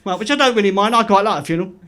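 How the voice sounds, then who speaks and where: A man doing stand-up in a club, delivering one-liners deadpan, with the odd quick chuckle at his own jokes. His voice sits notably high for a man. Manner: deadpan joke delivery with quick self-laughs. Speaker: stand-up comedian. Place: comedy club stage.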